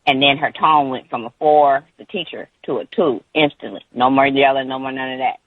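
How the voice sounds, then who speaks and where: A man calling in to a radio show, telling a long personal story in a rambling way with many pauses and restarts. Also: medium pitch, steady tone, no echo. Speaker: caller. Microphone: phone. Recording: tinny phone line.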